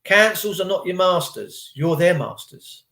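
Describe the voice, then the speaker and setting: A man's voice: sits high, expressive, measured pace, gravelly, a bit bright. A man vlogging a rambling, preachy spiritual monologue to his viewers in casual slang. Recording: echoey room.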